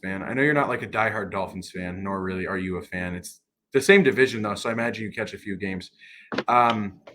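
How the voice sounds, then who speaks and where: A man's voice: on the low side, brisk, fairly bright tone, a little hiss or hum. A young man hosting a casual sports podcast, asking his co-hosts questions with repeated restarts. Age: young adult. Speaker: podcast host.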